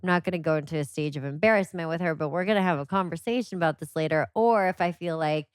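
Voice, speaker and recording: A woman with a somewhat low voice chatting as a podcast guest. She tells stories animatedly and leans on "like" a lot. The sound is close and dry. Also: quick pace, clear, resonant tone, dry recording. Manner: animated storyteller, many "like" fillers. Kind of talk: casual conversation.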